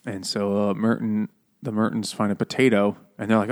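A man's voice: lowish voice, flat delivery, a little mellow. Joking, profane man recapping a book. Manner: joking, profane, quick asides. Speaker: podcast co-host. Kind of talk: casual chat, recapping a book.

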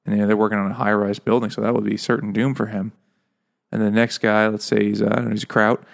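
A man with a gravelly, fry-laden voice rambles through a casual podcast chat. He tells long profane jokes, stumbles over his words and keeps laughing at his own punchlines. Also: fairly low pitch, level tone, fast. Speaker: podcast co-host.

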